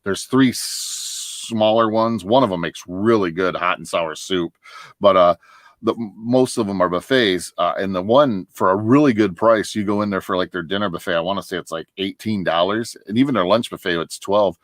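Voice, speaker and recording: A middle-aged man from northern Michigan talks in a low, relaxed voice, wandering through long stories. He restarts his sentences often and laughs along as he goes. The sound is dry and close, with no room behind it. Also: moderate pace, dry recording. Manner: rambling storyteller, laughs often, many restarts. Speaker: livestream guest. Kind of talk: casual chat.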